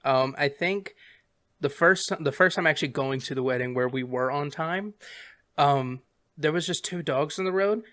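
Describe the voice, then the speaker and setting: A man in his twenties hosting a podcast, telling stories in an animated way and acting out quotes. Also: a little high, normal speed. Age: 20s. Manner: animated, laughing storyteller who acts out quotes. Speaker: podcast host. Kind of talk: casual storytelling chat.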